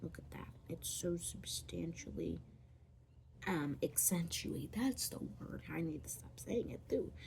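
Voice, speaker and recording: Drawing on camera for a tutorial, this woman vlogger speaks in an animated, unhurried way, her voice a little mellow with vocal fry. She rambles playfully, slips into whispers as she draws, and lets out silly squeaky sounds against slight background noise.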